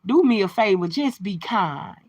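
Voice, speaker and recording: A woman's voice: medium pitch, lively intonation, normal speed, a little mellow. A woman talking casually to her livestream viewers, chatty and open, sharing a personal testimony. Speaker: livestream host.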